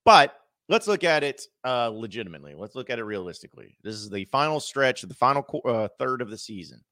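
A man's voice: medium pitch, very animated, brisk, pushed and bright, dry recording, clean studio sound. A man hosting a sports podcast, talking casually, rambling and correcting himself as he goes. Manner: rambling, self-correcting, chatty. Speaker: podcast host.

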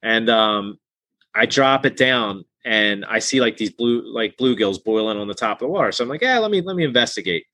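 A man's voice: on the low side, steady tone, moderate pace, bright, forceful tone, no echo. A man in his thirties hosting a casual fishing interview, easygoing and telling stories with restarts. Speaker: podcast host.

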